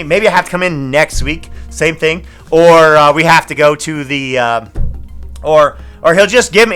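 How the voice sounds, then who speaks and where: A man's voice: fairly high pitch, pushed and bright, smooth. A man hosting a casual storytelling vlog as a landlord, rambling and chatty, with many fillers and restarts. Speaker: landlord and channel host.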